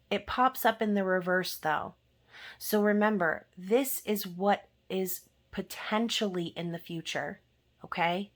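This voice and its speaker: Woman, somewhat low voice, tarot reader, chatty, keeps checking in with "okay?". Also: a bit bright. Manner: conversational, often adds "okay?" at the end of a point. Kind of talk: casual tarot reading monologue.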